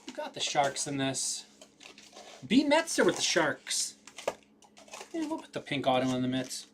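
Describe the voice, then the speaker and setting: A man's voice: on the high side, wildly swooping pitch, measured pace, slight background noise. A man hosting a live card break, rattling off names with casual running commentary.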